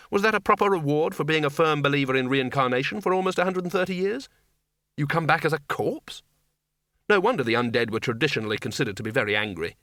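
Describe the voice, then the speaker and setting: A man reads a comic fantasy novel aloud in a wry, measured way. His voice is bright and clear. The recording is close and dry, with no room sound. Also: medium pitch, no echo. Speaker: audiobook narrator. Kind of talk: scripted narration.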